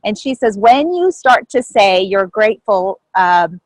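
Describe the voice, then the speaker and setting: A woman telling a personal story on a video call, lively and animated, acting out what others said with big jumps in pitch. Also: a little slow, no room sound, low-quality recording. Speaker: group member sharing a story.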